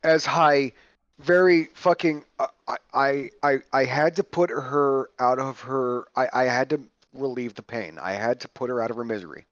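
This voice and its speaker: A man's voice: medium pitch, normal speed, dry recording. A man hosting a podcast, telling a story in a casual way, swearing a lot and stumbling over his words, on dull lo-fi audio. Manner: animated, profane, full of restarts. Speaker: podcast host.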